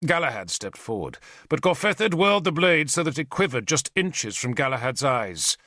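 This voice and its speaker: A man's voice: a little high, sing-song, normal speed, hardly any pauses, bright, forceful tone, dry recording, studio quality. A man narrating a historical novel in the first person with dramatic storytelling. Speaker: audiobook narrator.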